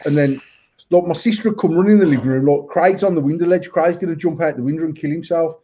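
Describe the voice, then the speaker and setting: A man's voice: a little high, quick pace, warm tone, breathy edge. A man, co-hosting a podcast and telling a rambling family anecdote in casual, sweary chat. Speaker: podcast co-host. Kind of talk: casual storytelling. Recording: dull lo-fi audio.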